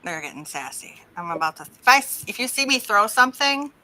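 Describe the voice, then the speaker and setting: A middle-aged woman from Oklahoma co-hosting a podcast over a remote call, chatting casually, laughing often and telling lively stories. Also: medium pitch, fairly quick, slight background noise, rough recording. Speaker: podcast co-host. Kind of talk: casual chat.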